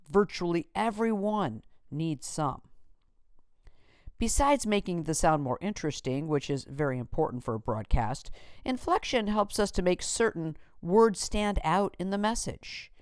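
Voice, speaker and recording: A woman narrating a scripted lesson on voice technique in a measured, textbook way. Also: low-pitched, darkish tone, clean tone, no room sound, clean studio sound. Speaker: instructor.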